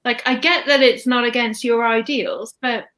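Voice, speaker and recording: A woman's voice: on the high side, fairly even intonation, moderate pace, fairly bright tone. A woman hosting a casual live stream, chatty and blunt, swearing freely. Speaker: channel host.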